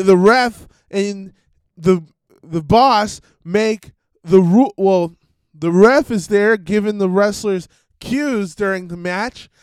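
A high-pitched man talks through a loose podcast rant, stopping and restarting his thoughts and swearing freely. His voice is smooth and unhurried, recorded dry and close. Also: no room sound. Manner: rambling, self-interrupting, profane, mock-voices people. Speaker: podcast host. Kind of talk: casual ranting monologue.

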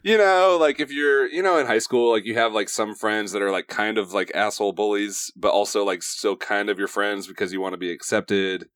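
A man's voice: lowish voice, steady tone, brisk, hardly any pauses, fairly bright tone, no echo. A young adult man appearing as a podcast guest, chatting from a home studio in a rambling way with many fillers and asides. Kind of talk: casual podcast chat.

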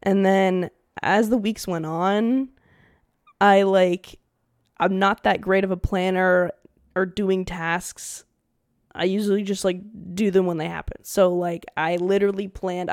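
A woman's voice: mid-range voice, darkish tone, no echo, clean studio sound. A woman in her twenties hosting her own podcast in a casual, candid solo chat, with "like" in nearly every phrase. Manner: chatty and candid, heavy use of "like". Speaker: podcast host.

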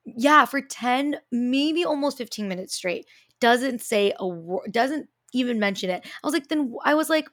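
A woman co-hosting a podcast who tells a story in a quick, animated way, acting out quotes and using plenty of fillers. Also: a little high, dry recording, clean studio sound. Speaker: podcast co-host and speech therapy grad student.

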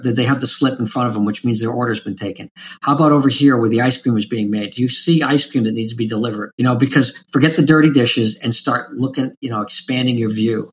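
Storytelling man, mid-pitched, animated. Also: rough recording. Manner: animated storyteller, acts out dialogue and calls. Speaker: business coach and podcast host. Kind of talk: casual storytelling interview.

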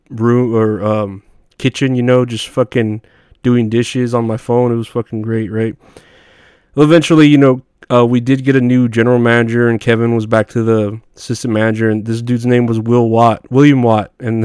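A man's voice: medium pitch, darkish tone, clear, resonant tone, no echo, studio quality. A man telling rambling, profane work stories in a casual monologue, often laughing at himself. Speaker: podcast host.

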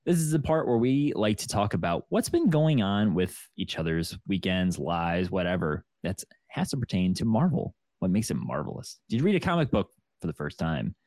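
Lively, low-voiced podcast host. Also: male voice, normal speed, few pauses, no echo, studio quality. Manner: upbeat, laughing, lively presenter. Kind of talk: casual chat.

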